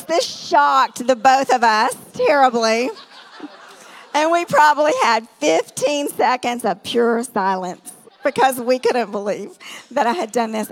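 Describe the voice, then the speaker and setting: A middle-aged woman tells stories from the pulpit in a chatty, conversational way, leaning on asides and rhetorical questions. Her voice sits a little on the high side. The long reverb of a large hall trails after her words. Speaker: guest speaker. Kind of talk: storytelling sermon.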